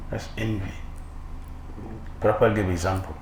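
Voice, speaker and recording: A man's voice: lowish voice, big pitch swings, unhurried, slight background noise. A man giving a scripture sermon as a swami, firing rhetorical questions and mocking envy with a laugh. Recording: echoey hall with faint ambience.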